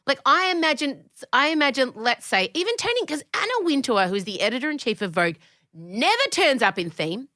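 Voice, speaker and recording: An Australian woman hosting a podcast, chatting in an animated, opinionated way, swearing freely and jumping between tangents. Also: high voice, brisk, no echo, studio quality. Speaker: podcast host; comedian. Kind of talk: casual podcast chat.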